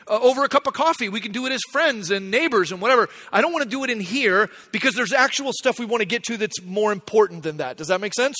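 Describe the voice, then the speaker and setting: Middle-aged pastor guy, high bright voice, chatty sermon, big echoey church hall. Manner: conversational, self-deprecating. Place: church sanctuary.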